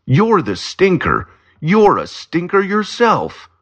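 A man voicing a nervous, indignant male detective who shouts in a high, strained voice. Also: wildly swooping pitch, slow pace, exaggerated voice. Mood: angry shouting.

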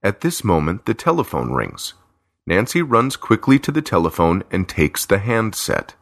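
A man narrating a simple storybook tale in a clear, deliberate way. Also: on the low side, big pitch swings, fairly bright tone. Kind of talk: slow graded-reader story narration.

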